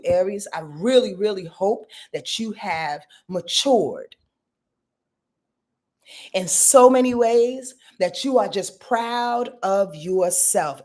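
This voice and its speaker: On a live stream, a woman delivers an astrology reading with blunt, swearing frankness, addressing the audience as y'all and boo-boo. A webcam or phone records her darkish, mid-range voice.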